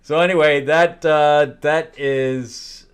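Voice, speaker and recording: A man giving a casual spoken review of comic books, candid and wry, pausing often with fillers and restarts. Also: fairly high pitch, fairly even intonation, clear, resonant tone. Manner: candid and wry, with loud incredulous outbursts; hesitant, many fillers and restarts.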